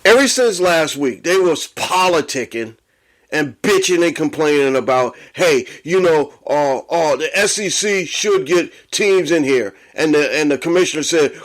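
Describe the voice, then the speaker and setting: A man's voice: on the high side, animated, unhurried. A man hosting a sports podcast, ranting angrily and swearing a lot as he gets worked up. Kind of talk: profane sports rant.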